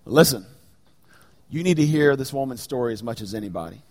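A middle-aged man preaching a sermon in a church sanctuary, dropping to hushed, slow lines and then rising to loud, raised bursts. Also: medium pitch, animated. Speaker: pastor. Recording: long reverb of a large hall.

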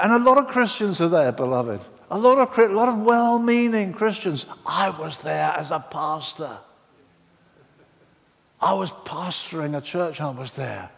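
A man preaching a sermon as a pastor, telling the story dramatically and with lively emphasis. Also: a little high, measured pace, creaky. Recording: reverberant hall.

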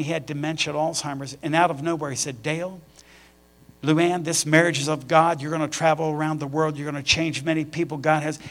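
Gravelly middle-aged male pastor preaching. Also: a little high. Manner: personal storytelling, rising to animated emphasis. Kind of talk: sermon.

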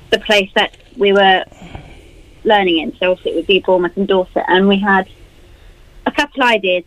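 A woman's voice: medium pitch, dull audio. A young woman, a university student, explaining an event earnestly in a radio interview.

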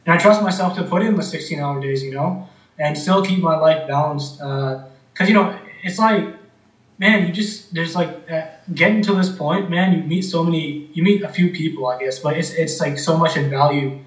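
A man in relaxed conversation, talking in a laid-back way, often calling his friend "man" and telling stories with energy. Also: a little high, normal speed, far from the mic. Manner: laid-back, says "man" a lot, animated storytelling. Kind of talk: casual chat. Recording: roomy, off-mic.

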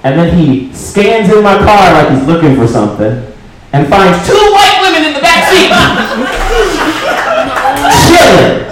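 A man's voice: sits high, huge pitch swings, a little slow, pauses often, background noise. Male stand-up, profane and emphatic, wide swooping delivery, live echoey club sound. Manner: profane, emphatic, bursts into shouting. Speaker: stand-up comedian. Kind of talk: stand-up comedy set.

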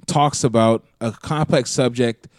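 A man from Minnesota co-hosting a casual podcast chat, animated and quick to laugh, often restarting his sentences. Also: medium pitch, no room sound. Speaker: co-host.

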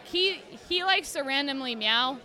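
A woman guest chatting casually in a podcast interview, telling animated stories, swearing freely and acting out her pets. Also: sits high, measured pace, some chatter behind. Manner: animated storyteller who swears casually and acts out her cats. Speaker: guest, cosplayer. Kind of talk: casual chat.

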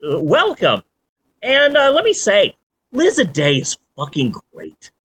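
A podcast host in their forties in casual chat, animated and swearing freely. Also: mid-range voice, slow, slight background noise, poor audio. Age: 40s.

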